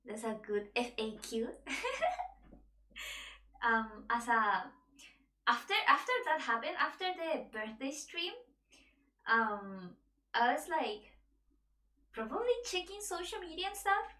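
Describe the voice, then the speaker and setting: A high, bright woman's voice, talking slowly and rambling through a story as she streams. Her voice sounds a bit far from the mic in an echoey room, with music playing behind her. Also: expressive. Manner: rambling storytelling with frequent laughs and restarts. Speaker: VTuber streamer and webtoon artist. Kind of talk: casual stream chat while drawing. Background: background music.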